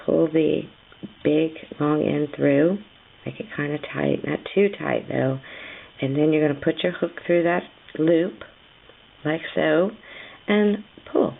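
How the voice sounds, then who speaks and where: A woman walks through a crochet lesson at an easy, patient pace, chatting as she counts her stitches aloud. Her voice is heavily gravelly and fried, worn hoarse by a cold. The sound is thin and tinny, like it came over a phone. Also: low-pitched, takes it slowly. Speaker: crochet teacher. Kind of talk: step-by-step craft tutorial.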